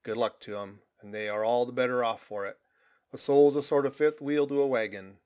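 A man's voice: medium pitch, fairly even intonation, a little fast, darkish tone, lightly acted. A man voicing a shabby, intense old sailor who mutters cryptic, ominous warnings. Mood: ominous, insistent.

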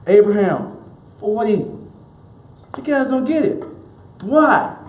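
A man preaches with a high, bright voice, driving points home through repetition and call-and-response. His words ring out in a roomy space with a clear echo. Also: expressive, slow pace. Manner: emphatic preaching, repeats key lines, leads congregation call-and-response. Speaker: minister. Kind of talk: sermon. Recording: roomy echoey room.

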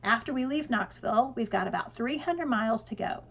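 A woman doing a brisk, organized mom reading out plans. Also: on the high side, lively intonation, vocal fry, fairly bright tone, husky, lo-fi sound, heavily acted. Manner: methodical, brisk list-reading. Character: organized, businesslike mother laying out plans.

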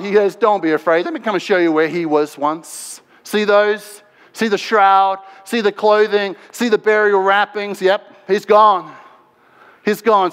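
High-voiced preacher in a big echoing hall. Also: male voice, smooth. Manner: impassioned, swings between loud and hushed. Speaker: pastor. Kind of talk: sermon. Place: large church sanctuary. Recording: long hall reverb.

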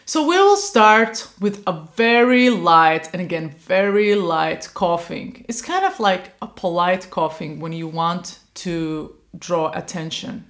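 A woman's voice: lowish voice, animated, takes it slowly, hardly any pauses, fairly bright tone, reverberant. A woman vocal coach giving a patient instructional lesson on growling, demonstrating light sounds as she explains.

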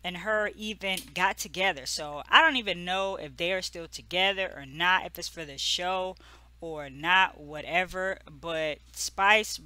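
A woman's voice: on the low side, unhurried, bright, forceful tone, clean tone. A woman recapping celebrity gossip in a casual, chatty vlog, loose and full of fillers and restarts.

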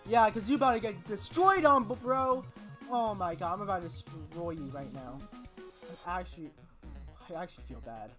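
A woman giving casual gameplay commentary, excitable and prone to loud exclamations. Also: medium pitch, normal speed, faint music behind. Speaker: let's player.

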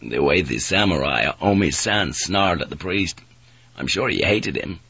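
A man voicing a steady ship's pilot who speaks in a kind, level, measured way. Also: low-pitched, vocal fry, slightly rough, no echo, pitched below the performer's own voice, full character voice.

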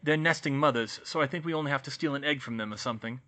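A man voicing an anxious teenage boy wizard in an audiobook reading, hurried and worried. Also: medium pitch, sharp tone, lightly acted. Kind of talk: audiobook reading of fan fiction.

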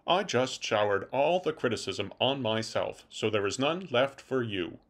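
A man's voice: medium pitch, animated, unhurried, a bit bright. A man playing a haughty, self-righteous partner in a comic sketch, speaking in a grand, lofty way. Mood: pompous. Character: pompous offended partner, adult man.

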